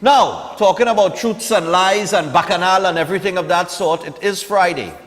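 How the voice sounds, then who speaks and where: A man with a Trinidadian accent hosting a live morning TV show and giving conversational political commentary that drops to a hush for asides. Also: high-pitched, normal speed, big-room sound. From Trinidad and Tobago.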